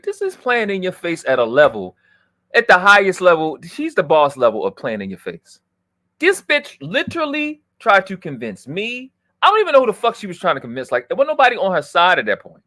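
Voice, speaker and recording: Profane, fired-up man ranting on a livestream. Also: no room sound. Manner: profane, swings from low muttering to loud outbursts. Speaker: livestream host. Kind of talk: heated livestream rant.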